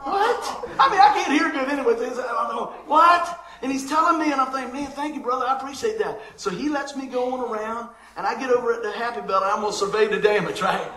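A man's voice: very high voice, fast talker, few pauses, a bit bright, reverberant. A man, a pastor telling a comic story at the start of his sermon and laughing often along the way.

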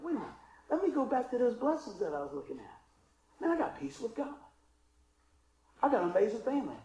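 A man preaching a sermon as pastor, swinging between loud calls and hushed asides. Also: very high voice, very animated, brisk, pauses often, echoey room, lo-fi sound. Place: church sanctuary.

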